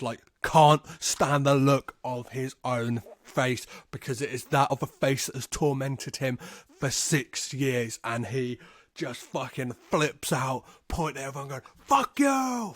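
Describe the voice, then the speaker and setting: A man with a slightly raised pitch talks through a film plot in a casual, laid-back podcast manner, cursing freely and pausing on fillers. He speaks at an unhurried, slow pace. The sound is dry and close, with no room echo. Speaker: podcast host.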